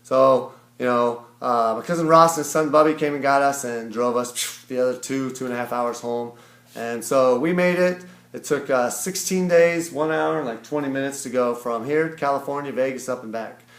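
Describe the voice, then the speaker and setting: A man from Ohio recaps a long trip in a loose, rambling vlog monologue, stopping often for fillers and quoting others along the way. His voice sits in a middle pitch. The room gives it a noticeable echo. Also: steady tone, moderate pace. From Ohio, USA. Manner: rambling, filler-heavy, quotes people as he tells it. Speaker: vlogger. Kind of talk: casual storytelling recap.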